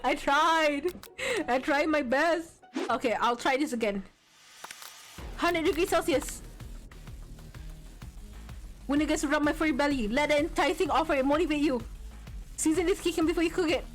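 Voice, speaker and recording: Woman streamer, high voice, reading game text aloud, loud outbursts, faint game music behind. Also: moderate pace, pauses often. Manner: reads game lines, then bursts into loud outcries and laughter. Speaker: VTuber streamer.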